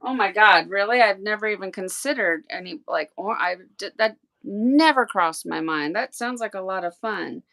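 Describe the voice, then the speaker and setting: Chatty woman thinking aloud, bright. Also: mid-range voice, moderate pace, gravelly, few pauses. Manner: chatty, thinks aloud, stumbles over words. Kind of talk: livestream craft demo chat.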